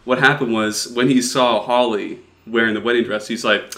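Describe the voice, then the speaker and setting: A man's voice: mid-range voice, steady tone, normal speed, fairly bright tone. Young man, Dutch accent, podcast co-host, rambling self-deprecating storyteller, casual. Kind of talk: casual chat.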